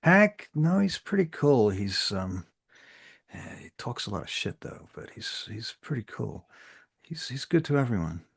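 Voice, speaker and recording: Guy doing a grumpy barista lady, husky voice, cussing, over it. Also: mid-range voice, big pitch swings, measured pace, full character voice. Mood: offhand. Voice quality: gravelly, husky. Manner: curt, swearing, weary. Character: tired, foul-mouthed young woman barista.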